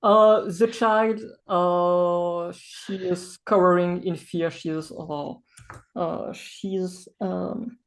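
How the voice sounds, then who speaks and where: Hesitant, slow-talking game master. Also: male voice, sits high, steady tone. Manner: hesitant, full of ums and restarts. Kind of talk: running a tabletop game online.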